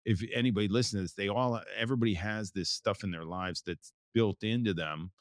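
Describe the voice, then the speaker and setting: A man in his forties from the United States, speaking as an interview guest in a low voice. He talks in a loose, rambling way, circling back and restarting his sentences. The sound is dry and close to the mic. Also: fairly quick, dry recording. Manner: rambling, with many restarts and fillers. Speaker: photographer, guest. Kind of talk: casual interview talk.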